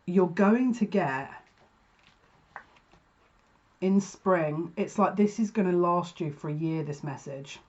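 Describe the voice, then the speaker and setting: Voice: mid-range voice, takes it slowly, pauses often, a little mellow. Chatty rambling psychic reader, lo-fi sound. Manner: chatty, rambling, self-interrupting. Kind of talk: casual intuitive card reading for viewers.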